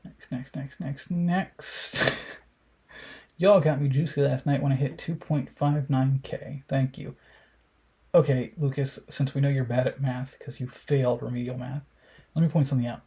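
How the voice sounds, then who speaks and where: A man's voice: medium pitch, little pitch movement, normal speed, mellow, breathy edge. A young man giving casual, profane commentary while reacting to memes, mocking and sarcastic.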